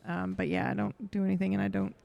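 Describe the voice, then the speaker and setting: A woman playing a tabletop game, talking in a playful, animated way. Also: mid-range voice, fast talker, creaky, highs cut off. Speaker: player.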